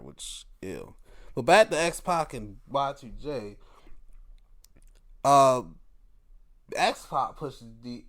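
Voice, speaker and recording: Animated man recapping, lively swinging pitch. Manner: animated, reacts with quick exclamations; chatty, loose storytelling with restarts. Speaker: show host. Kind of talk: casual wrestling episode recap.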